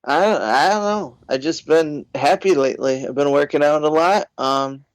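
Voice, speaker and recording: A middle-aged man co-hosting a casual podcast, easygoing and halting, laughing often. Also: fairly high pitch, dry recording, poor audio. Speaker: podcast co-host. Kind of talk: casual comedy podcast banter.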